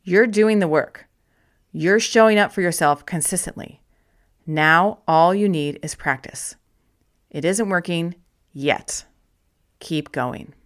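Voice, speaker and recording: A woman with a slightly low voice narrates a motivational self-help audiobook gently and encouragingly. She slows down to stress key phrases with deliberate care.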